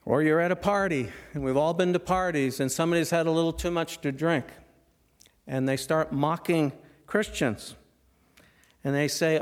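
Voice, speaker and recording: Earnest man preaching, fairly high voice. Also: fairly even intonation, normal speed. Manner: earnest preaching with rhetorical questions, drops to a hush for emphasis. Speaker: pastor. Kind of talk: sermon.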